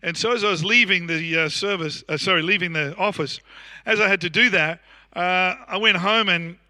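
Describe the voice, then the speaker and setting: An Australian man in his sixties delivers a sermon in an easy, anecdotal way, with plenty of fillers and restarts. His voice sits high for a man and rings very bright. The sound is dry and close. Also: normal speed, no echo. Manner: anecdotal, conversational preaching with frequent fillers and restarts. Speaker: pastor. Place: church.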